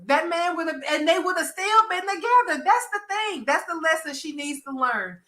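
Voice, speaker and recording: A woman with a Southern American accent, hosting a casual soap opera chat and acting out characters' lines in a profane, animated way. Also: sits high, echoey room, low-quality recording. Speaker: podcast host.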